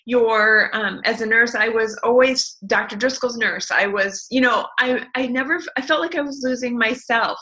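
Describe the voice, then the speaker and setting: Passionate, bright-voiced middle-aged woman. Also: a little high, moderate pace, hardly any pauses, low-quality recording. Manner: passionate, ranting, animated storytelling. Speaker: network marketing distributor, guest. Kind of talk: enthusiastic motivational interview talk.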